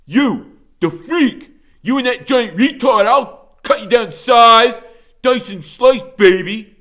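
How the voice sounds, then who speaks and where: A man's voice: very high-pitched, slow pace, voice pushed up, heavily acted. A man voicing a cruel, taunting teenage gang leader while reading a novel aloud. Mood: menacing. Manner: shouting, menacing taunts.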